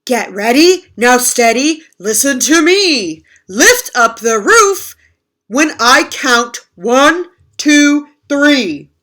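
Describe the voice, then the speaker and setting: A woman's voice: on the high side, expressive, very slow. A woman voicing a bossy, pushy male moose in a children's storybook read-aloud. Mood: commanding. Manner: bossy, commanding.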